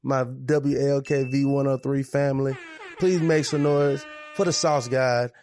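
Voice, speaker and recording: A man's voice: mid-range voice, fairly even intonation, unhurried, darkish tone, a little hiss or hum. A man hosting a podcast in a hyped, joking, slangy manner. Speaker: podcast host. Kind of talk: casual podcast chat.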